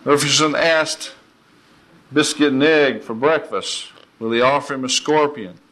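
A man preaching an informal, folksy sermon, animated and quick to laugh. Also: mid-range voice.

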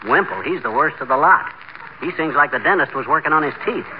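An actor playing a boastful, wisecracking small-town blowhard with folksy, brash talk, in a radio comedy. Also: male voice, a little high, expressive, brisk, lightly acted. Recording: muffled old radio broadcast with hiss.

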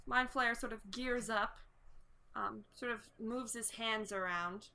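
Bright-voiced young woman game master. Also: on the high side, slow pace. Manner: easygoing, hesitant with ums and likes. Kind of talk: narrating a tabletop game.

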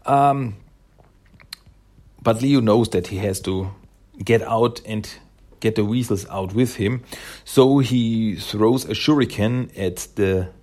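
Slow, rambling man recapping a comic. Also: lowish voice, darkish tone. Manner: rambling, filler-heavy, self-correcting. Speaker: comic book reviewer.

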